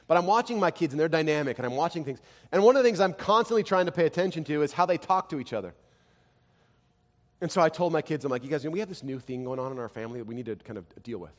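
A man in his thirties preaching a sermon, telling family stories, dropping to quiet and rising to loud. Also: on the high side, very fast. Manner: animated storytelling, swings from quiet to loud. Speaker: pastor. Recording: long hall reverb.

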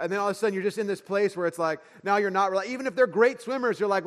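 A man preaching to his congregation with a fairly high voice, talking conversationally and cracking jokes as he acts out everyday voices. His words ring out with a long reverb, as if filling a large church hall. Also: racing, few pauses. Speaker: pastor. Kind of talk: sermon.

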